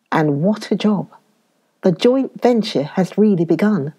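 A woman narrates a story in a slow, measured way. Her voice is mellow and sits slightly low. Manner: unhurried, measured reading. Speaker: story reader. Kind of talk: scripted narration.

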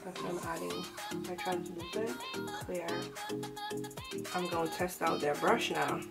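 A woman's voice: lowish voice, unhurried, vocal fry. A young adult woman chatting casually through a makeup tutorial, sassy and full of slang. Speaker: beauty vlogger. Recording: music playing behind.

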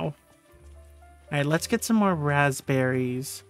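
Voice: medium pitch, animated, unhurried, fairly bright tone, faint music behind. A streamer chatting casually through a game livestream, laughing often and swearing freely.

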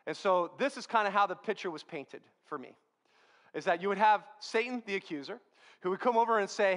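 A male pastor preaching a sermon in a church, talking in a relaxed, conversational way. He tells stories against himself with easy humor. His voice sits high for a man. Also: fairly quick. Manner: conversational, humorous, self-deprecating storytelling.

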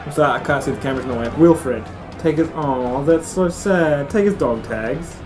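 A young man giving animated, swear-filled let's-play commentary, often squealing and shouting at the game. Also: a little high, normal speed, over music. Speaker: gaming let's-play host.

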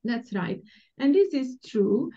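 A woman teaching a language class over a video call, slowly and patiently modeling words for students to repeat. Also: fairly high pitch, expressive, dark tone. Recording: dull lo-fi call audio.

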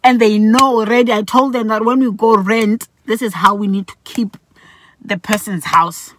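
A middle-aged woman from Botswana telling a personal story in a vlog, animated and acting out the people she quotes. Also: medium pitch, normal speed, a little hiss or hum. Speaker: vlogger.

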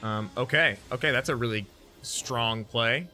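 A man streaming a card game, chatting casually, laughing often and counting out loud as he plays. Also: mid-range voice, unhurried, soft background music. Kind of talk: casual gameplay chat.

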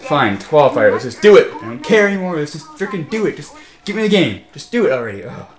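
A frustrated young man narrating a racing game, ranting and trash-talking the computer opponents. His voice sits a bit high and bounces between shouts and mutters. The room is echoey, with game music playing underneath. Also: big pitch swings, fast. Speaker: gameplay commentator. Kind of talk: let's play commentary.

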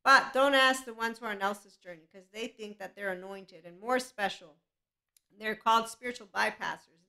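A woman's voice: a little high, bright, forceful tone. A woman hosting a podcast, talking casually to her listeners in a chatty, rambling way that breaks into laughter. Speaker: podcast host. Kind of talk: casual solo talk.

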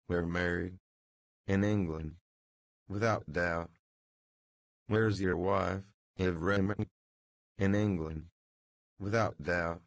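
Hard stolid male officer, curt and flat, read by a male narrator; low, gravelly. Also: no room sound.

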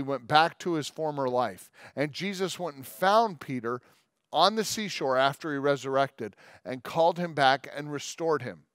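A male pastor giving a sermon in a conversational, joking way, with quick asides and long scripture readings. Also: fairly high pitch, fairly bright tone, no echo, studio quality. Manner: reads scripture aloud at length.

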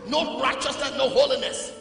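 A man with a Liberian English accent preaching a sermon as pastor, dropping to low talk and rising to shouted exhortation. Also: steady tone, normal speed, creaky. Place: large church hall. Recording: echoey hall, distant mic, music behind.

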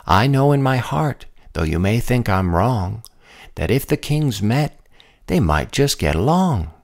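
A man voicing a kind, earnest young princess in a storybook, speaking softly. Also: medium pitch, big pitch swings, unhurried.

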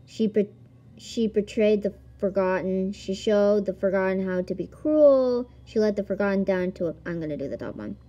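A woman's voice: medium pitch, normal speed, warm tone. A woman giggling and exclaiming as she plays a video game and reads its text aloud. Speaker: gamer. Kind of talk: let's-play commentary.

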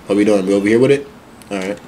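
A man commenting on a video game as he plays, casual and loud, swearing and shouting often. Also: lowish voice, very fast, a little hiss or hum. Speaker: gaming streamer. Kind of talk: casual let's-play commentary.

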